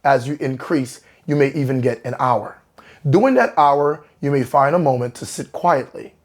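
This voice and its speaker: A man who works as a hypnotherapist, talking gently and then leading a calm guided relaxation. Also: medium pitch. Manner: slow, soothing guided instructions.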